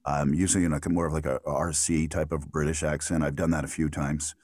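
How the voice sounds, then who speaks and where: A middle-aged American man with a remarkably low, booming bass voice, answering interview questions in a relaxed, wandering way. He often restarts his sentences and fills pauses with "um" and "uh." The sound is close and completely dry. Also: dry recording. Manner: thoughtful, rambling answers with frequent restarts and fillers. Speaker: voiceover artist guest.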